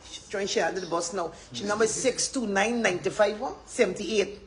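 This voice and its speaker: A woman's voice: mid-range voice, brisk, a crowd in the background, low-quality recording. Passionate Guyanese woman campaigning. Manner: passionate, bursts into loud emphatic shouts. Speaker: political campaigner. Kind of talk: livestream campaign talk.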